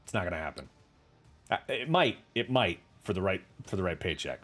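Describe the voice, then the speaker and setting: A podcast host with a low, sing-song voice talks a little fast in a fairly bright tone, with faint music playing behind him. He's running a casual livestream chat, telling rambling stories laced with casual swearing and responding to viewer comments.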